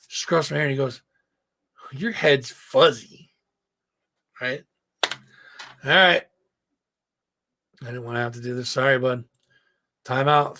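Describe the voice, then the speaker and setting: Hosting a casual live stream, a hoarse man tells a rambling, profane story and keeps breaking off to address his chat. His voice is medium-pitched with a fairly bright tone.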